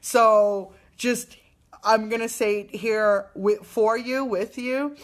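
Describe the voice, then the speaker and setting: A woman, a young adult mother, gives a live spiritual card reading to viewers in a gentle, affirming way, with many fillers and restarts. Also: on the high side, steady tone, slow.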